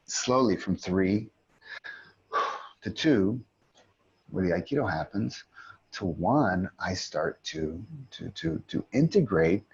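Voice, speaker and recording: A middle-aged man with a low, husky voice guides listeners through an inner exercise, calm and reflective, often circling back to restart a phrase. He speaks over a video call, and the sound is dull and lo-fi. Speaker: aikido teacher leading a community call. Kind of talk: guided teaching talk.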